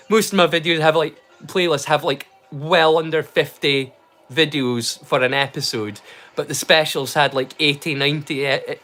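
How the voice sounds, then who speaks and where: A Scottish man rambles through a casual livestream from his home, restarting sentences as he goes. His voice sits a bit higher than most men's. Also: fairly bright tone. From Scotland. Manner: chatty, rambling with restarts and Scots slang. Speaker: livestream host. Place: home in rural Scotland.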